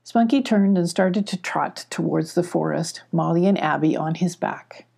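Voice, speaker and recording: A woman calmly reading a children's storybook aloud. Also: fairly low pitch, creaky, slightly rough. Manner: slow, calm, even. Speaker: audiobook reader. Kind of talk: storybook narration.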